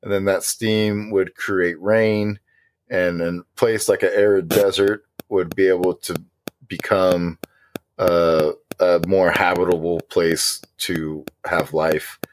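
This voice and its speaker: Very deep, slow, hesitant man. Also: little pitch movement, slight background noise. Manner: rambling, hesitant, many ums and restarts. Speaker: podcast co-host. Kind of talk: casual conspiracy podcast chat.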